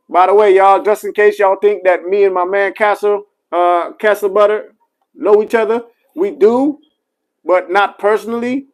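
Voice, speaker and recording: A man's voice: sits high, steady tone, moderate pace, rough recording. A man, a barber, chatting casually on a live stream and talking straight to his viewers, with many apologetic asides and fillers. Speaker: barber reviewing clippers.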